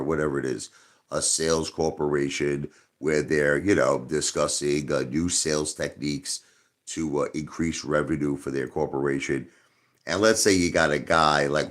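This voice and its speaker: A man hosting a livestream, ranting emphatically and repeating himself as he speaks straight to a viewer. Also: very deep voice. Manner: emphatic, repetitive, agitated, addresses a viewer directly. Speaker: livestream host.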